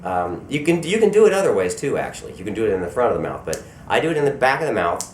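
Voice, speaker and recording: A middle-aged man from Colorado, a voice actor talking in a relaxed, self-deprecating way during a convention interview. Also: mid-range voice, very fast. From Colorado, USA. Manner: relaxed, self-deprecating, repeats words when starting thoughts. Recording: echoey convention room with faint background noise.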